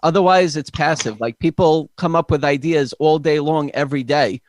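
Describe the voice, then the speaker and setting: A man's voice: a little high, normal speed, no echo. A man on an inventors' panel, speaking directly and matter-of-factly. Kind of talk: casual panel talk.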